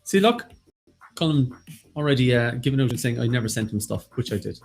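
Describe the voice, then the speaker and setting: A man's voice: medium pitch, animated, vocal fry, soft background music. A man hosting a casual live online quiz, joking and reading out scores. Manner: joking, quick banter, reads out scores. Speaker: quiz host.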